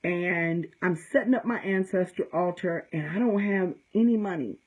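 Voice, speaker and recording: A woman's voice: lowish voice, moderate pace, breathy edge, poor audio. A middle-aged woman from the United States, a conjure practitioner, giving blunt, profane, straight-talking advice in a casual teaching talk, often checking in with "okay?". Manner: emphatic storytelling with frequent "okay?".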